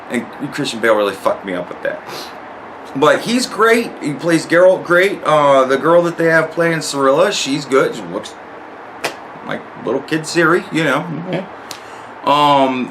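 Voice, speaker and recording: A man with a somewhat high-pitched voice talks through his review in a loose, rambling way. He swears freely and keeps stumbling over and restarting his sentences. Faint background hiss. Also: fairly bright tone. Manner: rambling, profane, restarts words often. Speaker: show reviewer. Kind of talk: casual review monologue.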